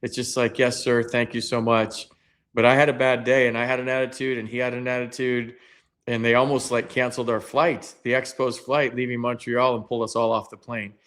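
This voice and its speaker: Male co-host, mid pitch, animated storyteller in casual chat. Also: a little fast. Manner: animated storyteller, acts out quotes. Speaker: former baseball player and co-host.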